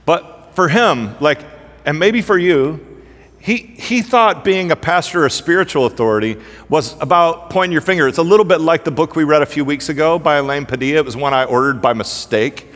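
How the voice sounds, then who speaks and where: A man's voice: fairly high pitch, fairly quick, fairly bright tone. A male pastor giving a sermon, telling humorous stories in a casual, conversational way. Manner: casual storytelling, humorous, heavy use of "like". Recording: long hall reverb.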